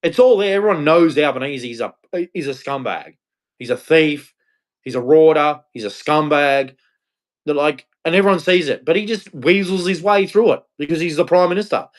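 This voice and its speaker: A man's voice: fairly high pitch, moderate pace. An Australian man delivering an angry, blunt, crude rant on a livestream, repeating himself as he goes. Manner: blunt, crude, heated, repetitive. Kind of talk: angry ranting monologue.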